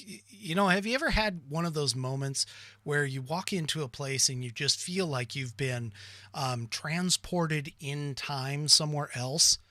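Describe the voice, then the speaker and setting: A middle-aged American man hosting a call-in podcast, chatting casually with quick asides and frequent restarts. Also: fairly high pitch, pushed and bright, no room sound. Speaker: podcast host.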